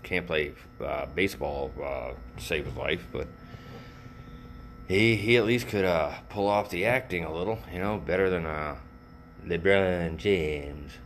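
A man's voice: deep voice, a little slow, a little hiss or hum. An older man talking casually and rambling to his viewers, with lots of fillers and swearing. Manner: rambling, profane, frequent fillers. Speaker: vlogger.

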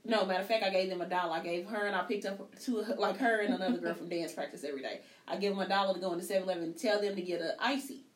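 A woman's voice: mid-range voice, very fast, few pauses. A woman telling stories about her daughter in a casual chat among friends, saying girl at nearly every turn. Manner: lively storyteller, says girl constantly. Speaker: mother. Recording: echoey room.

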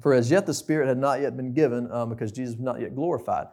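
A man's voice: medium pitch, quick pace, darkish tone. A young man preaching a conversational sermon, asking the listeners questions.

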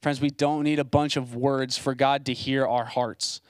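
A man's voice: medium pitch, level tone, moderate pace, no echo. A young man preaching a sermon as a site pastor, in a casual, conversational way with plain asides.

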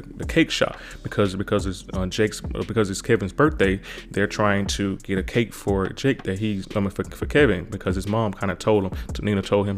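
A man recapping a TV episode in a casual, rambling way, repeating himself and saying kinda a lot. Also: fairly low pitch.

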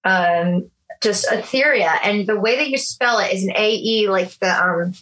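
A woman's voice: mid-range voice, normal speed, a bit bright, recorded from a distance, poor audio. A woman in a band, a guest in a casual interview, chatty and enthusiastic. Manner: chatty, enthusiastic, promotes and recommends.

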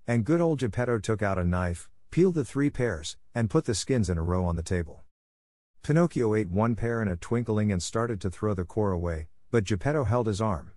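A man reads a classic children's story aloud in a steady, measured way. His voice sits low for a man. The recording is dry and close, with no room sound around him. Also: no echo. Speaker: audiobook narrator. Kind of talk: storybook narration.

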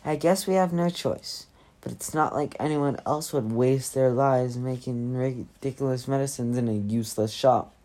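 A woman's voice: very deep voice, moderate pace, mellow. A woman reading the part of a haughty, angry mother in a storybook. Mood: scornful. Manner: accusing, scornful.

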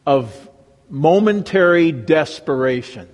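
Slow-preaching pastor in a reverberant church. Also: male voice, fairly high pitch, expressive. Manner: dramatic, swinging from raised emphasis to hushed, reverent delivery. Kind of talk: sermon.

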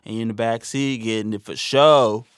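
A man's voice: medium pitch, fairly even intonation, moderate pace, smooth, dry recording, studio quality. A man in his twenties telling crude stories in casual banter, brash and profane. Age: 20s.

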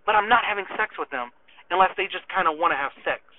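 A man's voice: high-pitched, animated, fast, slight background noise. A man voicing his sheepish, naive young male friend in a stammering, matter-of-fact way over a phone line. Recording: tinny phone line, dry.

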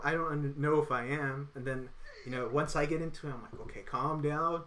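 A man's voice: a little high, steady tone, brisk, pushed and bright. A man telling a story in casual chat, rambling with lots of filler words and acting out the lines of the people in it. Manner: rambling, acts out quoted dialogue.

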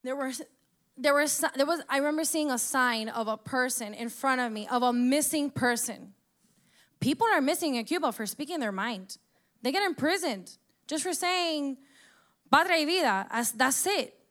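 A woman's voice: high voice, animated, normal speed, a bit bright. A young woman from the United States giving an impassioned personal monologue, emotional and close to tears, swearing as she speaks.

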